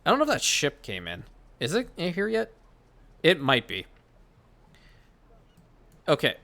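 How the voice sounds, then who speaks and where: A man's voice: fairly high pitch, huge pitch swings, a little slow, sharp tone. A man hosting casual gameplay commentary, chatting and thinking aloud as he plays, often correcting himself mid-sentence. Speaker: gaming channel host.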